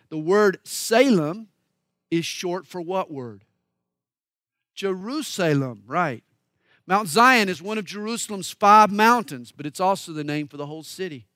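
A man from the American South preaching a sermon, emphatic and folksy, moving between loud declaiming and quiet asides. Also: high-pitched, animated, unhurried, dry recording, studio quality. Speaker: pastor.

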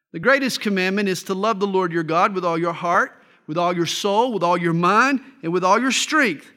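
High-voiced bright pastor preaching. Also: male voice. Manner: folksy storytelling, tells jokes. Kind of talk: sermon with Bible reading.

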